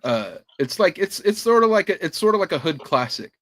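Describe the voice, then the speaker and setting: A man's voice: high voice, very animated, brisk, a bit bright. Man, podcast co-host, casual chat, laughs often, swears freely.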